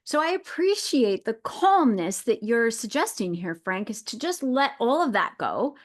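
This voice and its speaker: A woman's voice: fairly high pitch, sing-song, a little slow. A woman hosting a webinar on a video call, affirming and reflecting on what a participant shared. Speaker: webinar host. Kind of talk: casual chat.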